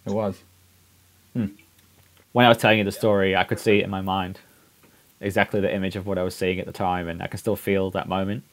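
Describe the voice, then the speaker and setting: A man's voice: deep voice, flat delivery, fast, pauses often. A man with a New Zealand accent co-hosting a podcast, speaking in a reflective, hesitant way with many restarts. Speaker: podcast co-host. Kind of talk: casual chat.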